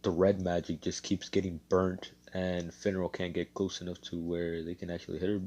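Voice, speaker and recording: A man's voice: low voice, level tone, moderate pace, a little mellow. A man narrating an improvised fan story in a rambling, filler-heavy way.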